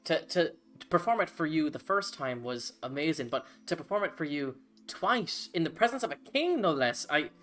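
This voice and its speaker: A man's voice: on the high side, big pitch swings, moderate pace, few pauses, a bit bright, soft background music, pitched above the performer's own voice. A man voicing a flustered, chatty female gnome cleric who stammers eagerly.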